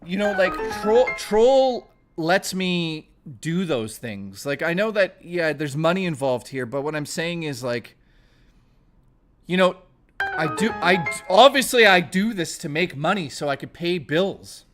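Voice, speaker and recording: A man's voice: on the high side, lively intonation, measured pace, music in the background. A man live-streaming, talking emotionally and rambling, stammering and swearing, close to tears. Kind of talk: casual live-stream chat.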